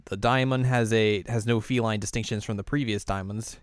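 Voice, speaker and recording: A man co-hosting a podcast, recapping an episode in a casual, animated way with frequent laughs. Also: fairly low pitch, a little fast, no room sound, studio quality. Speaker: podcast co-host.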